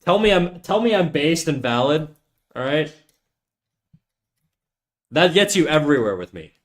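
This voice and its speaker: A man's voice: on the high side, sing-song, measured pace, a bit bright. Guy ranting in mock outrage. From United States. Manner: ranting, joking, heavy swearing, mock outrage. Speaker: streamer. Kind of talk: casual chat with viewers while drawing.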